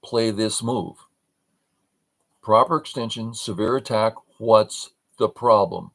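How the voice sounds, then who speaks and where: On a low-quality recording, an older man with a lowish, slightly bright voice teaches a game review on a livestream at a slow pace. He speaks in short, broken phrases, posing questions and then answering them himself.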